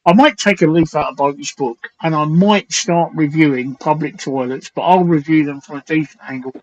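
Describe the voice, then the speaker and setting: A man hosting a late-night live stream chat, slightly hoarse, rambling and crude as he reads out viewer comments. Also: fairly high pitch, normal speed, lo-fi sound. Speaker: talk show host.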